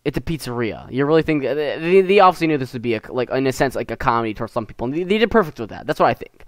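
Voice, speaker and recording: An American teenage boy, a gaming YouTuber, casually reviews a short film, rambling and giggling with lots of fillers and restarts. His voice is a little high and smooth, with no room sound.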